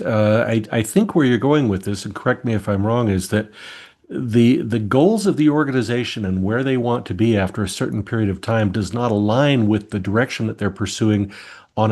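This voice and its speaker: A man hosting a webinar panel, asking questions in a measured way with hesitant starts. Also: mid-range voice, darkish tone. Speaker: host.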